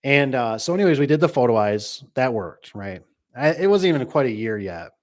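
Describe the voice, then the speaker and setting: A man's voice: medium pitch, sing-song, brisk, a little mellow. A middle-aged man who runs a garage door business, telling a rambling, joking story to a live chat, full of restarts and asides.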